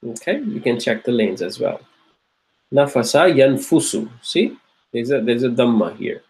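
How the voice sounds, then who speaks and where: A man's voice: medium pitch, very animated, darkish tone, rough recording. A man teaching an Arabic grammar lecture, repeating each word and checking in with his students. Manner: repeats words slowly, asks checking questions. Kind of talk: classroom lecture.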